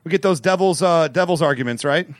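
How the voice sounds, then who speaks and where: A man co-hosting a podcast, recapping a TV episode in casual chat, animated and quick with jokes, laughing often. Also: fairly high pitch, no echo. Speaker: podcast co-host.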